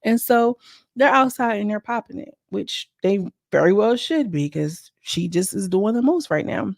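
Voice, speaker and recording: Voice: medium pitch, expressive, normal speed, vocal fry, dry recording, clean studio sound. A vlogger recapping a reality show in a casual, slangy, gossipy way, talking straight to the viewers. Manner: slangy, chatty, addresses viewers as girl. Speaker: show reviewer.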